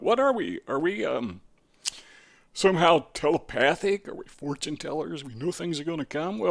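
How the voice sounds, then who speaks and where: Musing man with a somewhat high voice. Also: creaky. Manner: musing, asks rhetorical questions, dry humor. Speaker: video host. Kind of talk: casual spoken monologue.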